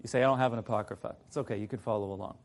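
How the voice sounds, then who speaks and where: A man's voice: on the low side, steady tone, rapid-fire. A man preaching a sermon, sarcastic at times, reading a passage in a mock-British voice.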